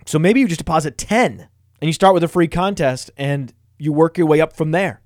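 A man hosting a fantasy football podcast, reading ads in a boastful, self-mocking, energetic way. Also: a little high, a little fast, dry recording, studio quality. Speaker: podcast host.

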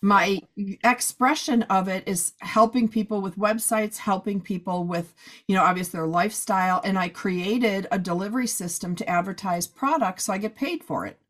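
Woman, podcast host, hoarse, chatty, businesslike, casual. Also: mid-range voice, normal speed, a bit bright. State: hoarse, losing her voice. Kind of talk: casual chat.

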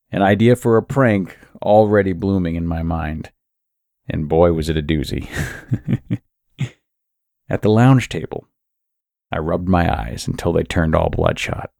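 A man narrating a scripted horror story in a wry, measured storytelling manner. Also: sits low, creaky, a little mellow, no room sound, clean studio sound.

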